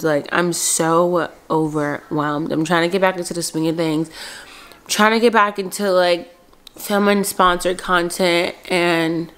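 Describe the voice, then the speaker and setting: A Philadelphia woman in her twenties talks candidly in a casual mom vlog, rambling and saying "like" constantly. Her lowish voice is smooth and fairly bright, with fairly even intonation and a measured pace.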